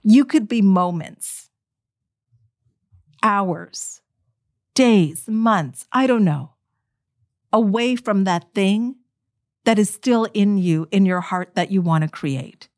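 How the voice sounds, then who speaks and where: A middle-aged woman telling her own story to an audience, emotional and animated, speaking straight to her listeners. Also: medium pitch, slow, pauses often, no echo, studio quality. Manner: animated, emotional, direct address.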